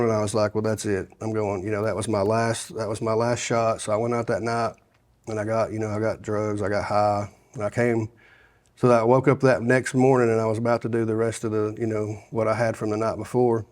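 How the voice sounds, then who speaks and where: A man recounts his past in a relaxed interview, speaking in a slightly low voice. He circles back and restarts his sentences often, filling the gaps with "you know" and acting out what others told him. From Sevier County, Tennessee. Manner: rambling with many restarts and fillers, quoting others. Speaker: guest sharing his testimony. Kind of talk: casual storytelling interview.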